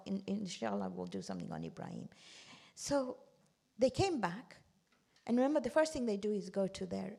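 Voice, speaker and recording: Gravelly middle-aged woman teaching scripture. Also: mid-range voice. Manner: explains verses with rhetorical questions, lively and emphatic; moves between quick recitation and slower explanation. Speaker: Quran study teacher. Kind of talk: religious study lesson.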